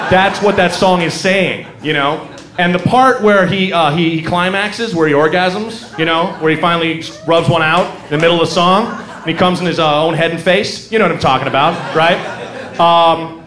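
A man doing a rambling, self-mocking stand-up routine, breaking into loud mock singing. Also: high voice, normal speed, background noise. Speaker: stand-up comedian. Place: comedy club stage. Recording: live club recording, roomy, crowd laughter.

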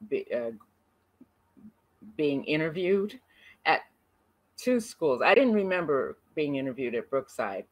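A woman's voice: low-pitched, poor audio. A woman in her sixties, from the United States, animatedly telling her brother about her school memories. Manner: lively, animated storytelling with laughs and restarts. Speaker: interviewee. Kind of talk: recorded conversation between siblings.

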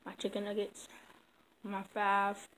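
A woman's voice: medium pitch, monotone, takes it slowly, a bit bright. A woman chatting casually to her viewers while eating. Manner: chatty, loose, talks with her mouth full. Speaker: vlogger. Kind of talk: casual eating vlog chat. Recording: noisy background.

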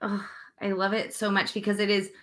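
A woman giving intuitive readings on a livestream, talking in a dreamy, drawn-out way and yawning often. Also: mid-range voice, monotone, a bit bright. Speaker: intuitive reader.

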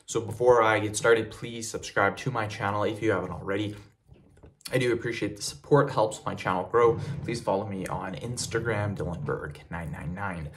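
Low-pitched young man coaching casually. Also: a little hiss or hum. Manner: plain and repetitive, with frequent fillers. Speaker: fitness video creator. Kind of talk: casual tutorial talk to camera.

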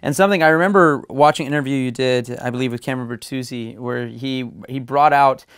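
Brief: male host, smooth clear voice, tentative hedging questions, dry close sound. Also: mid-range voice, fast, fairly bright tone, dry recording. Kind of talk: interview questions. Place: conference venue.

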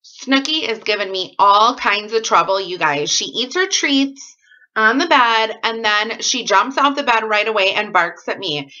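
A woman's voice: mid-range voice, lively intonation, a little slow, bright, forceful tone, dull audio. A woman vlogging casually at home, reading out her fan mail in an effusive, rambling way full of asides. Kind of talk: casual chatty vlog.

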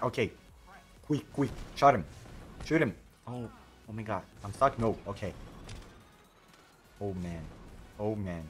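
Excitable man narrating his gameplay. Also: on the low side, unhurried, pauses often, faint music behind. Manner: excitable, frequent exclamations and slang. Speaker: gaming YouTuber. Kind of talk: let's play commentary.

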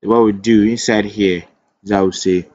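A man's voice: fairly low pitch, fairly even intonation, moderate pace, a little mellow, no echo, dull audio. A man teaching web development in a screen-recorded coding tutorial. He thinks aloud as he types, corrects himself, and drifts into chatty asides.

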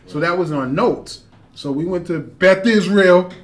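Animated man telling a story casually. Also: sits high, unhurried, crowd noise. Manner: animated storytelling, swearing, slangy. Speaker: podcast guest. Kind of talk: casual chat.

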